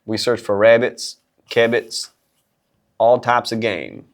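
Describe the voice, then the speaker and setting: A man putting on a slow, deadpan Southern drawl as a hunting sergeant. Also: medium pitch.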